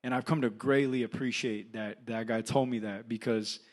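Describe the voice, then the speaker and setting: A man's voice: medium pitch, fairly even intonation, normal speed. A young man with a Californian accent, an assistant pastor telling a personal story in a casual sermon full of fillers. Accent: Californian English. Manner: conversational, filler-heavy storytelling. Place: church.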